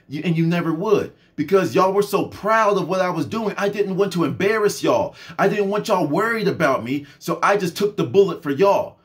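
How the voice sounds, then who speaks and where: Young male vlogger, high-pitched, fervent straight-to-camera rant. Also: animated, moderate pace, few pauses. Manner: fervent, preachy, talks straight to the audience. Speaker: spiritual and health vlogger.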